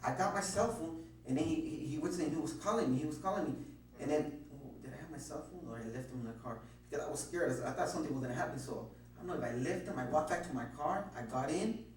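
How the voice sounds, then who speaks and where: A scared man tumbles through his story at a rapid clip, stammering and cursing, his voice pitched a touch high. He sits in a booming, echoey interview room, caught by a distant mic over a faint hum. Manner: stammering, repeats himself, heavy cursing. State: frightened. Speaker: interviewee questioned by police. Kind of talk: nervous rambling account.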